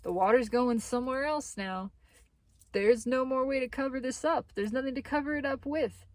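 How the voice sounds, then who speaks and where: A woman giving a casual spiritual tarot reading. She is animated, laughs often and swears casually. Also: high voice, normal speed, no room sound. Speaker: tarot reader.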